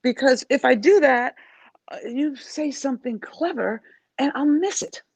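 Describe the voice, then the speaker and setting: A woman from New York, a life coach, talking as a guest in an interview in an animated, emphatic way. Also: high-pitched, a little slow, husky, dry recording. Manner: animated, emphatic, acts out quoted voices. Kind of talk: interview conversation.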